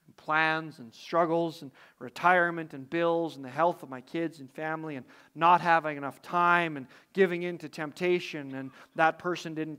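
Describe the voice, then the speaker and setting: A man preaching a reflective sermon who poses questions to his listeners. His voice sits somewhat high for a man, and he moves between quiet intimate stretches and stronger emphasis. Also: smooth.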